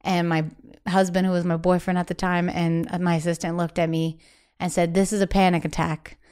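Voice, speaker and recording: A woman guest singer chatting casually in an interview, animated and acting out quotes in other voices, laughing often. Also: lowish voice, a little fast, smooth.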